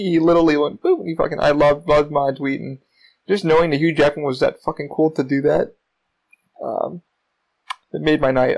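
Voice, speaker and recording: Gravelly, rambling man hosting a podcast. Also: a little high, poor audio. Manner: rambling, swears often, excitable storytelling. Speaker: podcast host. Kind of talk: casual solo podcast monologue.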